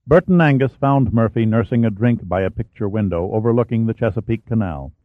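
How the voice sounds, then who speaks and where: A man reading an audiobook chapter in a steady, measured narration. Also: lowish voice, dry recording. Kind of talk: scripted narration. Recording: dry, tinny phone-like sound.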